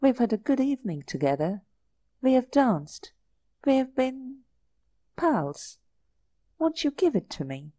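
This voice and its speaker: A thrill-seeking young society lady with a raised, eager voice, as a woman reader puts her on. She coaxes and pleads in a breathless rush, the tone kept mellow. The recording is dry and close. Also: sits high, big pitch swings, measured pace, pauses often, dry recording, voice pushed up, exaggerated voice. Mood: pleading.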